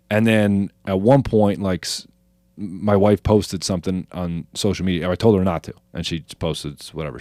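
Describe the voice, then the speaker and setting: Jersey comedian guy, lowish voice, swears a lot, acts out everybody in his story, dry close sound. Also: no room sound. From New Jersey. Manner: animated, swears, acts out quotes. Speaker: comedian guest. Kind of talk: casual storytelling chat.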